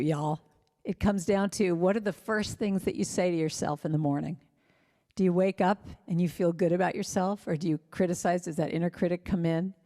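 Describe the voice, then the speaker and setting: A woman delivers a spiritual talk to a congregation, telling stories warmly and breaking into playful voices for the people she quotes. Her voice sits in a middle range. A long reverb trails after her words, as if she is in a large hall. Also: mid-range voice. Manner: animated storytelling, acts out quoted voices. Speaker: guest speaker and singer. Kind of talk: spiritual talk over video call. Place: congregation service streamed to viewers on gallery view.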